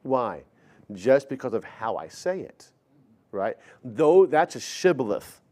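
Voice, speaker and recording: A man's voice: medium pitch, very animated, takes it slowly, a little mellow. A man in his forties preaching a sermon in a conversational storytelling way, often stammering and repeating words. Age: 40s. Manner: acts out quoted dialogue in shifting voices.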